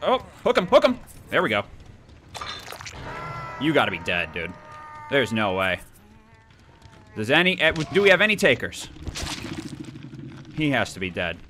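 A young man giving excitable, playful let's-play commentary, taunting the players as he goes. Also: fairly low pitch, measured pace, pauses often, noisy background. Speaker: gaming YouTuber.

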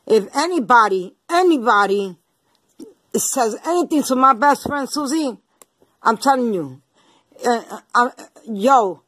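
Woman going off on her viewers, slow and taunting, cussing a lot, dry close sound. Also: fairly high pitch, husky, dry recording. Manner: confrontational, profane and taunting, repeats herself; slang-heavy street talk. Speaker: vlogger. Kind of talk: angry rant to viewers.

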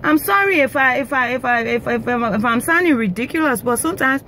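A woman from Africa ranting in a casual monologue, animated and indignant, often repeating herself. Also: high-pitched, a little fast, a little hiss or hum.

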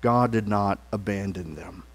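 A man's voice: lowish voice, measured pace. A man preaching a sermon in a church, earnest and emphatic, leading the congregation in spoken declarations. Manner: leads the congregation in call-and-response declarations; earnest preaching with emphatic rises and soft trailing phrase endings. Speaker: pastor. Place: church sanctuary.

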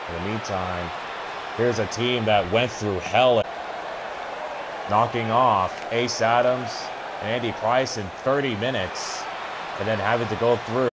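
A man giving excited play-by-play commentary over a wrestling video game, breaking into startled exclamations and stumbling over restarts. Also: fairly low pitch, unhurried, background noise.

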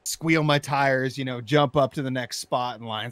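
A man telling a personal story in casual conversation, animated and profane, getting loud as he recounts his frustration. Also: mid-range voice, moderate pace, dry recording. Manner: animated, profane, rising to shouting when recounting anger. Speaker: storyteller in interview.

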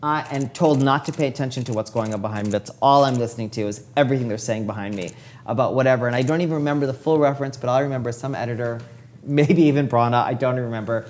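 A man in his forties talks at a quick clip as an interview guest. He tells his story in a lively way and slips into the voices of the people he quotes. His voice sits at a middle pitch for a man. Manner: lively storyteller who acts out quoted dialogue. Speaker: hair stylist, interview guest.

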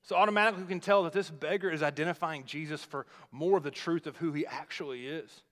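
A man preaches a sermon, walking his listeners through a scripture story in a relaxed, conversational way. His voice sits a little high for a man. The sound carries a long reverb from the large church hall around him. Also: fast. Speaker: pastor.

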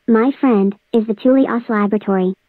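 Smug cartoon villain, done by a female tts voice, gloats and threatens, fairly high, tinny dry phone-like sound. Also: brisk, no room sound, lightly acted. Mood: scheming. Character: scheming smug villain who makes a spammy operating system. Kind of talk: text-to-speech cartoon voice.

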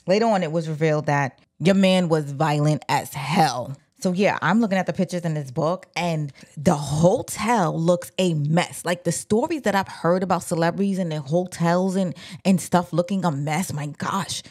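Woman, lower voice, casual storytelling, slangy, animated. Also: normal speed, hardly any pauses. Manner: animated, slangy, talks straight to viewers. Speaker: book commentator.

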